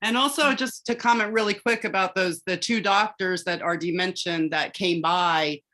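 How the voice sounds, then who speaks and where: A woman's voice: on the low side, normal speed, sharp tone. Plainspoken woman on a video call. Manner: modest, grounded, plainspoken. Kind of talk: casual chat.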